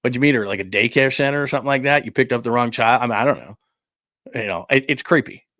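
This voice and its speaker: A man hosting a sports talk show, ranting in a rambling, incredulous way and acting out quick quotes. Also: medium pitch, fairly bright tone, no room sound, studio quality. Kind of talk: live-stream sports talk, reading supers.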